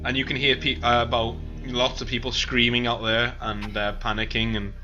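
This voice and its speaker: A man acts as game master for a tabletop game over a voice call, his voice bright and clear. He rambles with plenty of ums and likes, and faint music plays behind him. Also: medium pitch, little pitch movement, normal speed, lo-fi sound. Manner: rambling, laughing, full of filler words. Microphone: online voice call.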